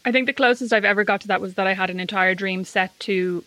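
A woman co-hosting a podcast, bantering quickly and teasingly in casual conversation. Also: medium pitch, bright, forceful tone, no room sound. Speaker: podcast co-host. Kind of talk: casual chat.

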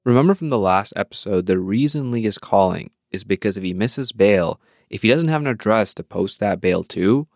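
A man hosting a podcast, giving calm, measured scripted narration. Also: fairly low pitch, dry recording, studio quality. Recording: music bed behind the voice. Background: guitar music.

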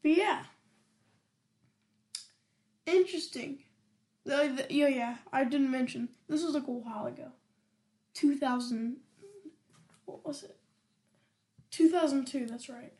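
A woman's voice: high voice, measured pace, long pauses, dark tone. A woman hosting a podcast, chatting casually about a song in a hesitant, giggly way that often trails off. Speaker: podcast host. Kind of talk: casual music reaction chat.

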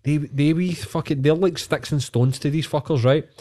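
A man's voice: fairly high pitch, moderate pace, dark tone. A man with a Glaswegian Scottish accent, co-hosting a podcast in casual chat, ranting heatedly and swearing a lot. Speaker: podcast co-host.

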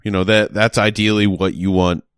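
A man's voice: fairly low pitch, fairly even intonation, moderate pace, clean tone, no room sound, clean studio sound. A man in casual chat, jumping in with jokey, absurd questions.

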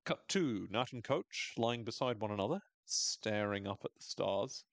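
A man hosting a podcast, recapping a TV episode in casual, animated talk, swearing and laughing often. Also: on the low side, measured pace, vocal fry, dry recording. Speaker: podcast host.

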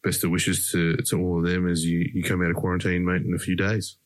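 Australian male podcast host, very low and monotone, dry close sound, relaxed mate-heavy chat. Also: brisk, no echo. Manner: laid-back, says mate constantly. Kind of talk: casual interview chat.

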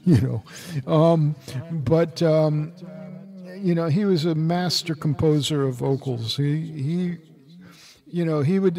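Pria tua yang bercerita sambil banyak terputus-putus. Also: male voice, fairly high pitch, a little mellow. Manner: rambling, many restarts. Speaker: podcast co-host. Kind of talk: casual chat and reminiscing.

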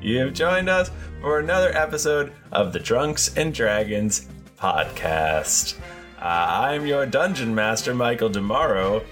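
A man hosting a tabletop game podcast as its dungeon master, talking in halting, casual banter with lots of fillers. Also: medium pitch, expressive, fairly bright tone, soft background music.

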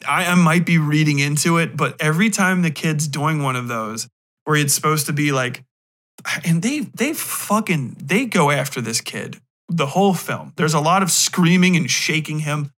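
A man's voice: a little high, normal speed, a bit bright. A man hosting a podcast, talking through a film in a frank, rambling, casual monologue. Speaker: podcast host. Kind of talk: casual movie review monologue.

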